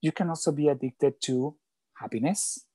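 A man speaking as an interview guest and coach, explaining ideas earnestly with slightly halting phrasing. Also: on the high side, dark tone, slightly rough, no room sound. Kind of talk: conversational interview talk.

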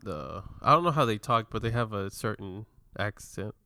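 A man's voice: lowish voice, animated, moderate pace, bright, forceful tone, clean tone, no echo. A man in casual podcast chat, laughing often and retelling moments with animation.

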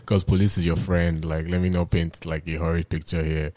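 A man's voice: sits low, expressive, measured pace, a little mellow, no echo. A man with a Nigerian accent, hosting a podcast and telling a story in a casual, laughing way. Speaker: podcast host.

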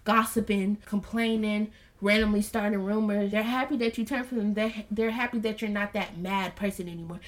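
In a casual Bible study podcast, a woman with a mid-range voice and a steady tone speaks earnestly, even preachily, to her listeners, calling them y'all. She then reads scripture aloud, slowly and softly.

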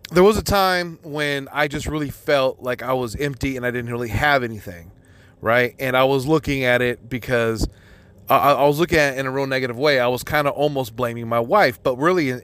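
A man's voice: medium pitch, fairly bright tone. A man hosting a podcast, talking casually and answering a listener's email in a profane, rambling way full of fillers. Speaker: podcast host.

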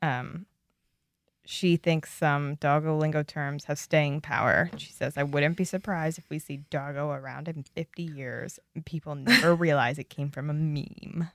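A woman's voice: low-pitched, a little slow, no room sound. A young woman co-hosting a casual chat, reading from an article with easy fillers and asides. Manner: relaxed, reads notes with fillers. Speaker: podcast co-host.

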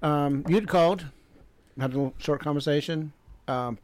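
A man's voice: on the high side, normal speed. A man co-hosting a casual podcast chat, teasing and laughing easily. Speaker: podcast co-host. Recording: loud noise and clicks.

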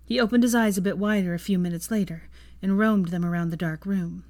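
A woman reading a fan fiction story aloud in a calm, even storytelling manner. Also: on the low side, fairly quick, few pauses. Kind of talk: storybook narration.

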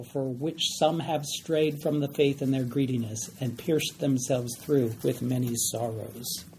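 A man with a fairly high, darkish voice leads a Bible study class in a conversational way, often checking in with the group by asking "all right?". Faint background noise can be heard.

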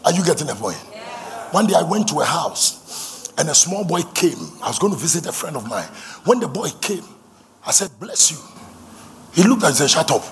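A man's voice: on the high side, sing-song, a little fast. A man preaching a sermon, fervent and repetitive, leading the congregation in call-and-response.

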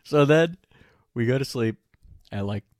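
A man's voice: medium pitch, lively intonation, measured pace, a little mellow, no echo, studio quality. A young man casually telling a funny story, laughing often and swearing freely.

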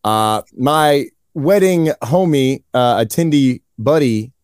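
A man's voice: medium pitch, animated, a little mellow, clear, resonant tone, no room sound. Joking guy on a podcast, casual chat, dry close sound. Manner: playful, joking, quick asides. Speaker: podcast guest.

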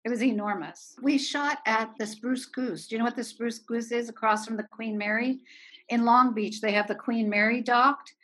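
A woman in her sixties from Erie, a film producer guest, telling lively anecdotes and laughing often. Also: fairly high pitch, moderate pace. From Erie, Pennsylvania. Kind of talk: anecdotal storytelling.

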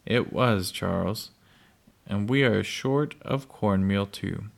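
A man reading aloud, voicing a quiet, worried pioneer mother in a storybook, slow and gravelly. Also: on the low side.

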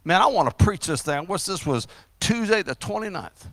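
Man, preaching, high pitch, bright tense tone, dry close sound. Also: very animated, dry recording. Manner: emphatic, rising and dropping loudness, drawn-out stresses. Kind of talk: fiery sermon.

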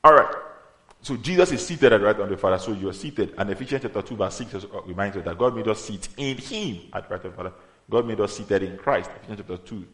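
A man preaching a sermon, in an emphatic manner that rises to loud exhortation. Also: fairly low pitch. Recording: echoey room.

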